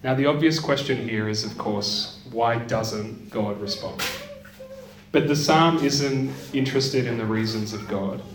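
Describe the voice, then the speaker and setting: A man's voice: medium pitch, unhurried. Man lecturing in an echoey room. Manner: conversational, checking in with listeners. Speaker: lecturer on the Psalms. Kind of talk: teaching talk with scripture reading. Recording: echoey room, mic at a distance.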